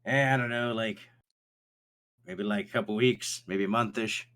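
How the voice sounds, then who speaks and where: A man's voice: lowish voice, steady tone, normal speed, a bit bright. A man running a tabletop game as game master, talking casually with lots of fillers and restarts. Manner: casual, filler-heavy and stammering.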